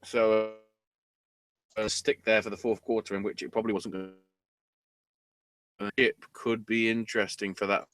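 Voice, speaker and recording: A man's voice: fairly low pitch, flat delivery, a bit bright. A man hosting a podcast, recapping in a casual, sarcastic way and swearing freely. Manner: profane, sarcastic, unhurried drawl. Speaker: podcast host. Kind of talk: casual wrestling recap chat.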